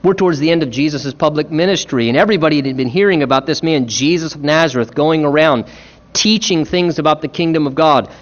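A man with a high voice preaches a sermon, earnest and emphatic, and he acts out the lines he quotes. The recording sounds dull and lo-fi.

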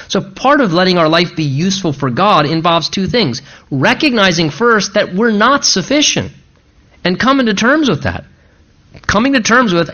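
A man's voice: sits high, animated, normal speed, sharp tone, highs cut off. A male pastor preaching a sermon in an earnest, emphatic way, repeating rhetorical questions to drive his points home.

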